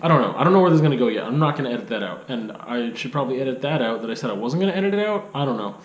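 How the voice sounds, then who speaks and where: A young man rambles into the camera from his art studio, circling back on himself and laughing at his own tangents. His voice sits at a middling pitch and rings off the bare walls of the room. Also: animated, racing, muffled recording. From Canada. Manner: rambling and self-deprecating, lots of hedging fillers. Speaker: video blogger and artist. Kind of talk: casual unscripted monologue. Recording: echoey room.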